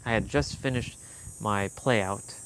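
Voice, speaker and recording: A man's voice: fairly low pitch, unhurried, fairly bright tone, slight background noise. Young man, candid storytelling, swears, faint crickets behind. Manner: candid, swearing, quoting others in heated bursts. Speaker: fitness vlogger. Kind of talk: emotional personal storytelling.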